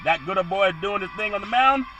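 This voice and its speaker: A man hosting a comic sports podcast, doing mock play-by-play that builds to shouted home-run calls, laughing often. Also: sits high, expressive, a little fast, muffled recording, faint music behind. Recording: loud outdoor traffic noise behind.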